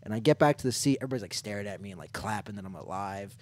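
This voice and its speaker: A man's voice: on the low side, lively intonation, very fast, slight background noise. A man co-hosting a podcast, telling a story in casual chat and padding it with lots of "like" fillers. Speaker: podcast co-host.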